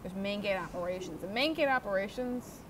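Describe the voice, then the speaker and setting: A young adult woman telling a story about her old job to the camera in a casual, animated way, swearing often. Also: medium pitch, brisk. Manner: profane, animated, swears freely. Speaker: former theme park worker telling her story. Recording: noisy background.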